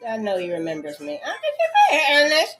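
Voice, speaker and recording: A woman in a rambling, profane rant, repeating curses and jumping between loud outbursts and low mutters. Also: huge pitch swings, moderate pace, faint music behind. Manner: erratic, repetitive, swearing constantly, swinging between shouts and mutters. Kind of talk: profane stream-of-consciousness rant.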